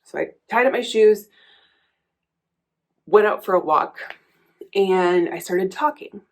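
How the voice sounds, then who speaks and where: A woman's voice: mid-range voice, slow. A woman coach speaking candidly and reflectively in a personal vlog, telling a story with many small restarts. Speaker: coach and vlogger.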